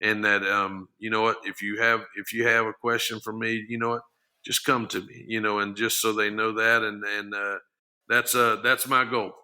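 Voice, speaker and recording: A man's voice: fairly low pitch, flat delivery, normal speed, sharp tone, clear, resonant tone. A middle-aged man, a former football lineman, talking earnestly as a podcast guest, often restarting and repeating his words. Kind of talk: casual interview talk.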